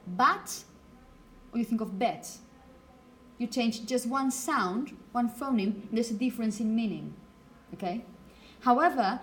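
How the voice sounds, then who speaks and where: Woman, Spanish accent, native Spanish speaker, teacher, explanatory lecture, keeps asking "okay?", faint hiss. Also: a little high. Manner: explanatory, frequent checking "okay?". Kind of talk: phonetics lecture.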